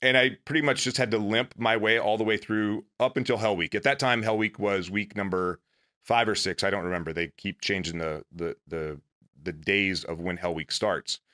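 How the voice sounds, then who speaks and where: Casting: man, lowish voice, bright tone, earnest storyteller with a self-deprecating streak. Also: fairly even intonation, moderate pace. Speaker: former Navy SEAL guest. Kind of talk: casual storytelling.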